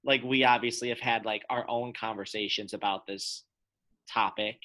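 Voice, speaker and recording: Young adult man, bright tone, loose chatty delivery, friend-group banter. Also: lowish voice, moderate pace. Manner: relaxed, chatty, peppered with "like". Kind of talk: casual chat among friends.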